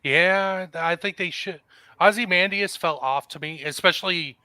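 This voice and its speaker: A man's voice: high voice, normal speed, pushed and bright, clear, resonant tone, no room sound. A man in casual chat, making brief, agreeable remarks.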